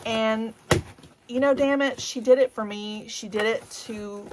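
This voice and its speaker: Slow-talking, gushing Cajun woman. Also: on the high side, fairly even intonation, darkish tone, slight background noise. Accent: Cajun Louisiana. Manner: chatty, gushing, emotional. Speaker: beauty vlogger. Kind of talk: candid vlog chat.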